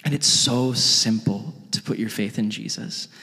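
In an echoey church hall, a male pastor gives a casual sermon, chatty and earnest and full of "like." His voice is lowish and a little slow, with a pushed, bright quality.

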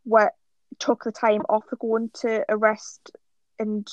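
A woman's voice: fairly high pitch, measured pace, no room sound, dull audio. Woman chatting on a dry mic. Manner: chatty, animated retelling with restarts. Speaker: podcast co-host. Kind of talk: casual chat.

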